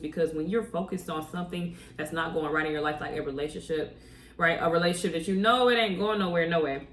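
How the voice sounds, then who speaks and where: A woman's voice: lowish voice, steady tone, fast, slight background noise. A woman talking to camera in a motivational story-time vlog, speaking conversationally and firing off rhetorical questions at her viewers. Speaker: vlogger. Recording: roomy echo, distant from mic, faint ambience.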